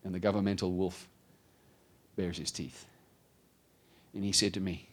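A man preaching a sermon, telling his own story with lively storytelling and acted-out voices. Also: sits low, a little slow, long pauses. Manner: animated storytelling, acts out voices. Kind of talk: sermon testimony.

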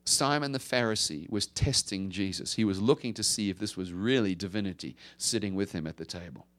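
A male pastor preaching a conversational sermon, swinging from emphatic rises to hushed drops. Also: low voice, brisk.

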